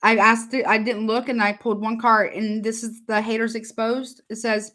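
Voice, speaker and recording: A woman's voice: on the high side, flat delivery, normal speed, few pauses, pushed and bright. A woman giving a casual live tarot reading, chatty and repetitive, calling her viewers honey. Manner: chatty, repeats herself, calls viewers honey. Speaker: tarot reader.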